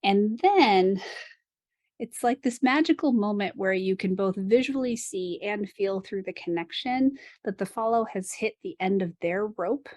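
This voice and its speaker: A woman's voice: mid-range voice, lively intonation, a little slow, darkish tone, no room sound. Woman, dance instructor, casual technical chat, playful asides, dry close sound. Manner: laughs often, explains with playful asides.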